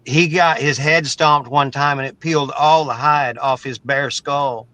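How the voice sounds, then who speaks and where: A man's voice: medium pitch, fairly even intonation, unhurried, sharp tone, no echo, poor audio. A middle-aged man from Oklahoma, a guest telling a story in a casual, blunt, profane way, often stumbling and repeating words. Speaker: interview guest.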